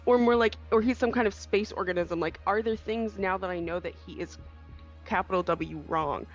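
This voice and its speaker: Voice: medium pitch, moderate pace, faint music behind. A tabletop game player thinking aloud about theories and explaining a character's actions in a rambling, casual way. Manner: speculative, rambling. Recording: dull lo-fi mic.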